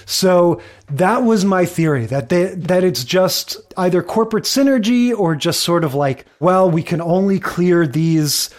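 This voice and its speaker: A man's voice: sits high, measured pace, few pauses. A man co-hosting a podcast, chatting casually and analytically, drifting into tangents and little theories. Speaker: podcast co-host. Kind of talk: casual chat.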